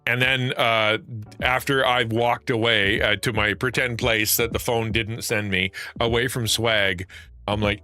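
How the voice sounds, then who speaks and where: A man's voice: fairly low pitch, unhurried, faint music behind. A middle-aged man streaming, talking casually and acting out anxious thoughts with frequent laughs. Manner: animated, acts out anxious inner thoughts, laughs often. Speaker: streamer and Christian content creator. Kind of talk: casual livestream talk.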